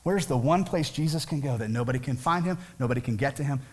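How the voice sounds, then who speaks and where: A man's voice: mid-range voice, quick pace, breathy edge. A man preaching a sermon as pastor, talking conversationally and asking many rhetorical questions.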